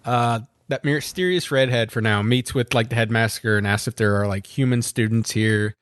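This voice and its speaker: A man's voice: medium pitch, normal speed, clean tone, no echo. Dry-sounding man rambling through a recap. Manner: rambling, profane, filler-heavy. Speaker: podcast co-host. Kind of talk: casual episode recap.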